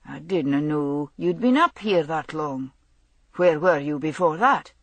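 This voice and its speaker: A woman playing a calm, soothing Highland constable. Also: slow pace, no room sound, exaggerated voice. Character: Highland village constable, friendly and shrewd.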